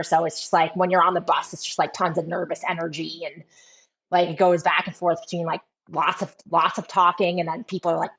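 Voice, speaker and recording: Chatty woman, low voice. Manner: chatty storytelling with many fillers. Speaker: guest runner. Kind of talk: casual chat. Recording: dull lo-fi sound.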